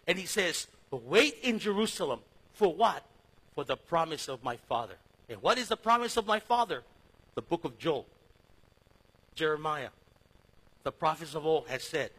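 A male pastor from East Los Angeles preaches with a husky, high-pitched voice. He tells his story in a sermon that swings between loud and hushed. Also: big pitch swings, normal speed, pauses often, rough recording.

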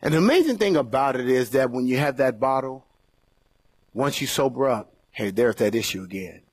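A man preaching a sermon as pastor to a church congregation, animated and playful, acting out the voices of doubters. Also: medium pitch, moderate pace, husky, no room sound.

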